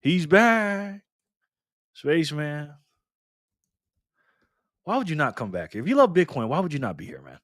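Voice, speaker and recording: A man hosts a casual live stream, chatting upbeat with viewers and calling out their names. His voice sits fairly high for a man. The sound is dry and close. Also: very animated, a little slow, long pauses, a bit bright, dry recording. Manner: upbeat, greets viewers by name.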